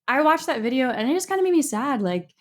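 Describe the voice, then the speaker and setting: A young woman co-hosting a podcast, telling stories in a casual, animated way and acting out the people she quotes. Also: high voice, fast. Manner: chatty, animated storytelling with quoted asides. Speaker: podcast co-host. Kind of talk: casual chat.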